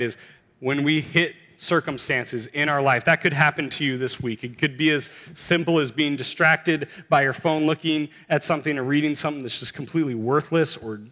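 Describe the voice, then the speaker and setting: A man's voice: mid-range voice, fairly even intonation, moderate pace, pushed and bright. Earnest preaching man in reverberant hall. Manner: earnest, builds to emphatic exclamations. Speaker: pastor. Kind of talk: sermon.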